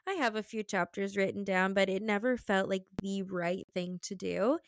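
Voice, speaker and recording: A young woman hosts a relaxed podcast conversation, speaking candidly and chattily with plenty of "like" fillers and quick laughs. Her voice is smooth and resonant at a mid pitch. It is recorded close and dry, with no room sound. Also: dry recording. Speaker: podcast host. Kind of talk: casual conversational interview.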